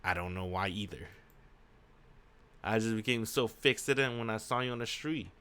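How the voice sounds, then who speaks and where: A man reading the lines of a quiet young male protagonist in a subdued, flat way. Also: lowish voice, moderate pace, clear, resonant tone. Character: quiet young man narrating his own story.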